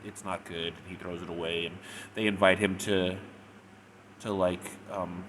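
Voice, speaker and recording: A man's voice: low-pitched, level tone, moderate pace, fairly bright tone, slight background noise. A man retelling a story in a casual, rambling way, with frequent "like" and "or whatever". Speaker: fanfic reviewer. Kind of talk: casual spoken review.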